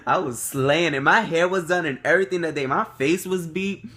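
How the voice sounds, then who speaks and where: A young man telling a story to the camera, animated and swearing freely, acting out quotes. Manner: animated, swears freely, acts out quotes with big jumps up in pitch. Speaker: vlogger.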